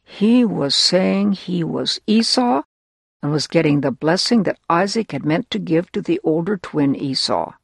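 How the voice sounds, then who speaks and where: A children's Bible storyteller with a gravelly, slightly husky voice. The delivery is slow and deliberate, rising and falling lively as it checks in with listeners through rhetorical questions. The sound is close and dry. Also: mid-range voice, no room sound.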